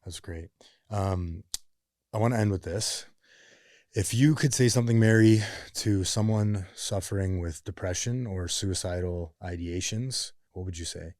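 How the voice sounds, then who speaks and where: A man hosting a podcast interview, low-key and affirming, chiming in with short agreements and casual swearing. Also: unhurried, a little mellow, no echo, clean studio sound. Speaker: podcast host.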